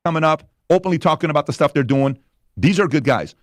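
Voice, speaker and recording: A man's voice: fairly high pitch, expressive, fast, dry recording, studio quality. A man on a podcast giving emphatic, repetitive advice in a monologue. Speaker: podcast host in clip.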